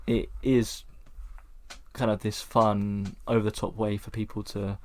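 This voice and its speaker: A young man co-hosting a podcast who comments on a film in a measured, even way. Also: fairly low pitch, a little hiss or hum. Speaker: podcast co-host. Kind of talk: casual film review chat.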